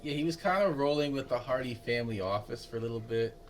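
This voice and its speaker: A man's voice: mid-range voice, fast talker, far from the mic, slight background noise. A man on a podcast chatting casually and patiently spelling out a name. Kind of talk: casual chat.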